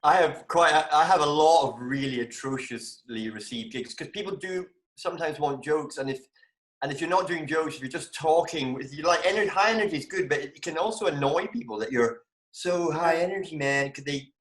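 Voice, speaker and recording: Scottish comedian guest, animated storyteller, fairly high voice, roomy echo on a video call. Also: male voice, fairly quick. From Scotland. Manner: animated, bursts into high exclamations. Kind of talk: casual video call chat.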